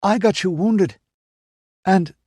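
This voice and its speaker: A man's voice: high-pitched, fairly quick, darkish tone, no echo, studio quality, voice pushed up. A man voicing a young warrior, pained and raised. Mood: anguished. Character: young male warrior, upset and guilt-ridden.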